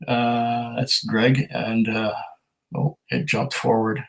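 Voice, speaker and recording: A man's voice: medium pitch, little pitch movement, slow, gravelly, low-quality recording. A man hosting a casual whisky livestream at home, reading viewer comments aloud in an easygoing, chatty way with frequent ums and restarts.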